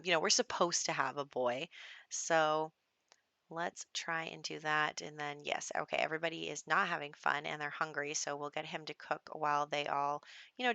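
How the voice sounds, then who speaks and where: A woman's voice: low-pitched, creaky, bright, forceful tone, dry recording, dull audio. A young adult woman giving casual, rambling commentary over a life-sim game, with lots of fillers and little laughs. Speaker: gameplay commentator.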